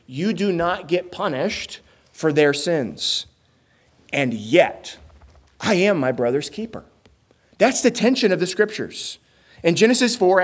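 A young male pastor preaching a sermon in an earnest, emphatic way. His voice sits a little higher than most men's, and he leans into rhetorical questions and pointed rising stresses.

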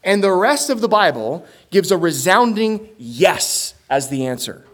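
A man's voice: sits high, sing-song, a little slow. A young adult man preaching a sermon as a pastor, earnest and emphatic, with rhetorical questions and rising stresses.

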